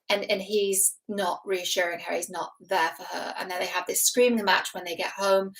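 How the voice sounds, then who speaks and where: A woman in her thirties talks straight to camera as a relationship expert, walking through a show's couple with earnest, analytical care. Her voice sits in an ordinary middle pitch, and she often pauses on fillers and restarts her sentences as she thinks aloud. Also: fairly even intonation. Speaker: relationship expert and show host. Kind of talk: casual reaction commentary to camera.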